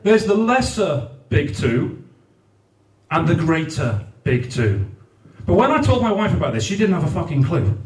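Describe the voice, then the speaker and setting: A man's voice: fairly high pitch, big pitch swings, normal speed. Crude swearing man doing live stand-up. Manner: crude, swearing, acts out raised voices of others. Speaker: stand-up comedian. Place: comedy night in a venue hall. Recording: echoey hall, mic from far off.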